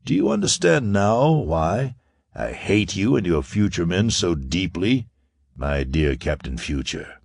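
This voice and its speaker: A man voicing a suave, gloating half-Martian villain who speaks with soft, ironical menace in an audiobook. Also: deep voice, sing-song, measured pace, gravelly, no echo, studio quality, exaggerated voice. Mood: quietly menacing.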